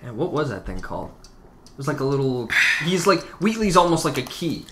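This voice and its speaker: Man, podcast guest, bright voice, hesitant, gropes for words. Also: medium pitch, very animated, a little fast, a little hiss or hum. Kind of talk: casual chat.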